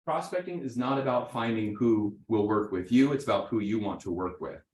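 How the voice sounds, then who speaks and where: A man teaching a live real estate seminar to an audience, animated, often checking in with "right?" and acting out sample conversations. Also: fairly low pitch, moderate pace. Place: training room with audience. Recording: roomy echo.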